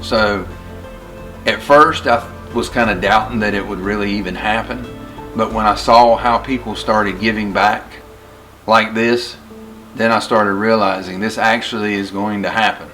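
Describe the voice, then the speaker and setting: A man hosting a documentary vlog, talking earnestly with halting pauses and fillers. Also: lowish voice, fairly even intonation, bright, forceful tone, soft background music, poor audio. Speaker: documentary host. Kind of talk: casual vlog narration.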